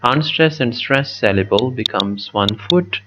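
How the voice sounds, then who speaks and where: A man teaching a poetry lesson, slow and methodical, repeating words as he writes on the screen. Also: mid-range voice, expressive, pushed and bright, dull audio, slight background noise. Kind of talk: poetry lesson with a digital pen.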